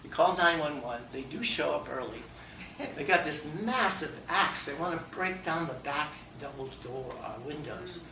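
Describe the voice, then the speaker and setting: A man giving a humorous story speech at a contest, animated and acting out dialogue, laughing along. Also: a little high, moderate pace, noisy background. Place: meeting room before an audience. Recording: echoey room, mic far off, faint ambience.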